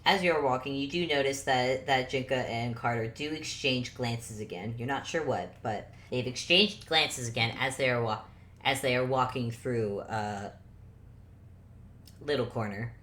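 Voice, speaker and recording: A woman's voice: rumbling low, a little slow, fairly bright tone. A woman narrating as game master in a laid-back, hesitant way, recording from home.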